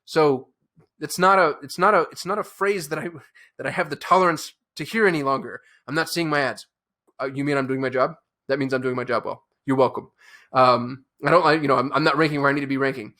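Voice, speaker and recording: A man's voice: mid-range voice, steady tone, fast talker, pushed and bright. A man who hosts his own channel, talking to camera in a fired-up, emphatic way with frequent restarts and fillers. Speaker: agency owner and channel host. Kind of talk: fired-up casual talk to camera.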